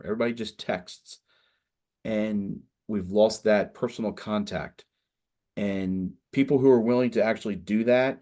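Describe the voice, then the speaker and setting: A middle-aged man with a low voice speaks to a room of students as an invited legislator. He talks loosely and conversationally, drifting from point to point and leaning on "you know" as he thinks aloud. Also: darkish tone. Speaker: state senator, guest speaker. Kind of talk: casual talk to students.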